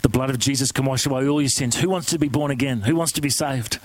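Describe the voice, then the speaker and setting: A man preaching a sermon, telling a story in an animated, conversational way and asking the congregation questions. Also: medium pitch, fast, no room sound, rough recording.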